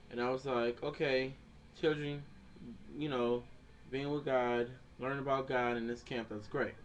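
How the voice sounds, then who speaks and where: A man's voice: a little high, slight background noise. A man in a casual video rant, rambling with many fillers and restarts and swearing freely. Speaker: vlogger.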